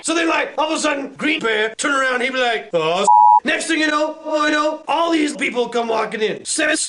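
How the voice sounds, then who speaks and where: A man's voice: extremely high pitch, a little fast, shouting, very noisy. A man telling an improvised comic story in a rambling, crude, repetitive way. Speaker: narrator.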